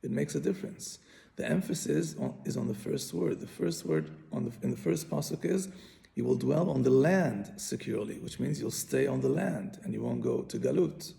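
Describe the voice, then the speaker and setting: A man's voice: a little high, moderate pace, vocal fry, mellow. A man teaching a Bible commentary lesson, patiently explaining and often repeating and restarting his phrases. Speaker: Torah teacher.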